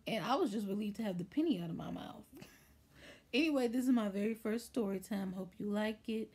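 A woman's voice: medium pitch, fairly quick, breathy edge. A woman telling a childhood story in a casual, chatty storytime vlog, acting out the voices of the people in it. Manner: chatty, animated, acts out voices in quotes.

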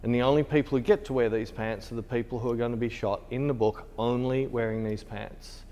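A man's voice: medium pitch, steady tone, brisk, warm tone, in a large hall, lo-fi sound. A British man, a photographer, telling a rambling story in casual chat while teaching, laughing easily. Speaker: photographer and tutor. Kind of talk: casual behind-the-scenes chat. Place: photo studio.

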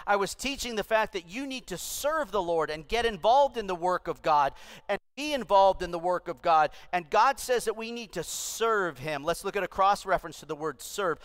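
A man's voice: high-pitched, fairly bright tone, clear, resonant tone. A middle-aged man, a pastor, preaching a sermon and urging the congregation to respond aloud. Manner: exhorting, calls for congregation responses. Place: large church auditorium. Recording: long hall reverb.

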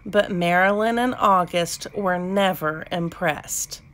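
A woman reading a children's picture book aloud, gentle and expressive. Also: lowish voice, takes it slowly. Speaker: storybook reader. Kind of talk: children's read-aloud narration.

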